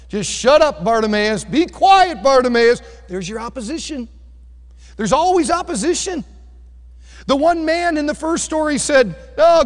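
A man preaching a sermon, quoting scripture and moving from loud cries to quiet, intense asides. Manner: animated preaching, rising to loud cries and dropping low. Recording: echoey hall with long reverb.

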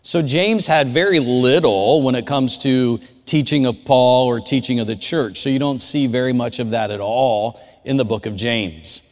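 A man giving a relaxed, conversational sermon. He tells personal stories and talks directly to his audience. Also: medium pitch, normal speed, hardly any pauses. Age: adult. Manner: informal, storytelling, speaks directly to the audience. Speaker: chapel speaker. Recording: long hall reverb.

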